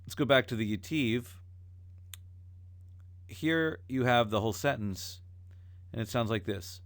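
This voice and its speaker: A man teaching a recorded lesson, explaining calmly and then chanting the examples himself. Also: mid-range voice, unhurried, no echo. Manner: alternates plain explanation with chanting. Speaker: cantillation teacher.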